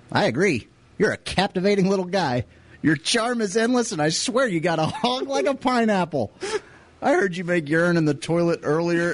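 A man playing a jittery young man who rambles and panics, in a comedy sketch. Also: sits high. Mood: sarcastic. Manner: rambling and panicky, sarcastic flattery.

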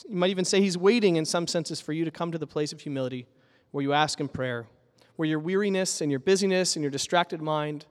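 A pastor preaching a sermon in an earnest, emphatic way, building with repeated phrases. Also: male voice, a little high, quick pace, few pauses, in a large hall.

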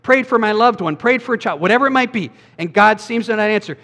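A man giving a sermon as a pastor, preaching in a conversational way with quick asides. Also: high voice, lively intonation, bright, forceful tone, big-room sound.

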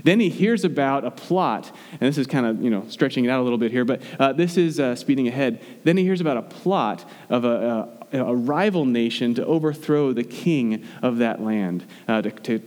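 A man's voice: mid-range voice, expressive, normal speed, hardly any pauses, a little mellow. A man in his thirties preaching a sermon in a conversational way, often restarting his sentences. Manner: conversational, with frequent restarts and fillers. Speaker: pastor. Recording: long hall reverb.

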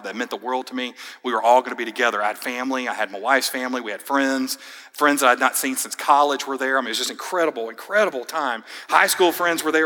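Young male pastor, conversational storyteller, tense bright tone, long hall echo. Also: medium pitch. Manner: casual, storytelling, fillers like man and dude. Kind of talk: sermon with personal story.

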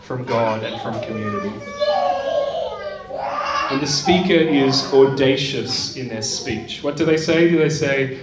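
A man's voice: medium pitch, unhurried, a crowd in the background. A man gives a conversational teaching talk on a psalm, often checking in with his listeners. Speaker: lecturer on the Psalms. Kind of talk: teaching talk with scripture reading. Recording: echoey room, mic at a distance.

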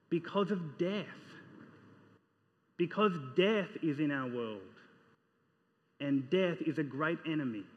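A man preaches with an earnest, questioning manner. His voice sits fairly high. The sound is dull, and a long reverb trails off each phrase as in a large hall. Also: fairly bright tone. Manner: earnest, reads scripture aloud and asks the listeners questions. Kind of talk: sermon.

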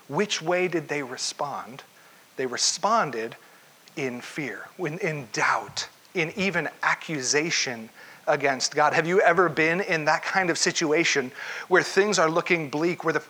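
A man's voice: a little high, bright, forceful tone. A man preaching a conversational sermon, asking his listeners questions and acting out the lines of the story. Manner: conversational, questions the audience, acts out quotes. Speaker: pastor. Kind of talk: interactive sermon.

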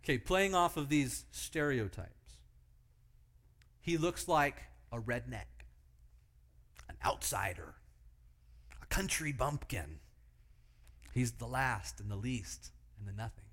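A man's voice: medium pitch, expressive, slow, pauses often, a bit bright. Man preaching with vivid storytelling. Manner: vivid storytelling with rhetorical questions. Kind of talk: sermon illustration.

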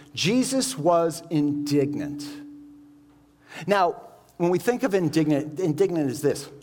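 A male preacher delivering a sermon in a lively voice that rises and falls a great deal. His pitch sits a little above average, and he checks in with the listeners through rhetorical questions as he explains.

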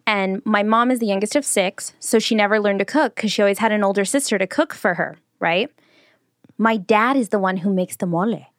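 A young woman hosting a relaxed conversation, telling stories with lively energy. She speaks at a medium pitch, recorded close and dry. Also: fairly quick, dry recording. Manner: lively storyteller, does voices for quoted people. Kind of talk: casual storytelling chat.

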